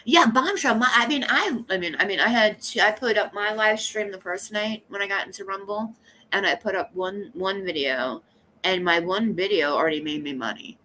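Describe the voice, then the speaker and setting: A woman's voice: medium pitch, normal speed, bright, forceful tone, slight background noise. A woman live streamer chatting casually with her viewers, rambling and blunt, coughing now and then from allergies. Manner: rambling, blunt and gossipy, talking straight to chat.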